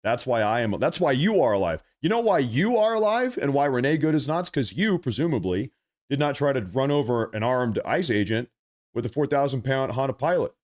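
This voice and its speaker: A man's voice: mid-range voice, animated, fairly quick, darkish tone. A man hosting a live stream, giving blunt, opinionated commentary in a conversational way.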